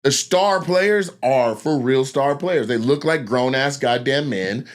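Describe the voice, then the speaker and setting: Male, 30s, stand-up storyteller; profane, animated, slips into voices. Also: medium pitch, unhurried. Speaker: comedian telling stories. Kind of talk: casual storytelling.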